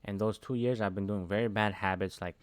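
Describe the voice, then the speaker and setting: A trading educator gives a casual talking-head lesson, speaking conversationally and tagging his sentences with "right?". His voice is on the low side and smooth, with fairly even intonation and a fairly quick pace. The recording is dry.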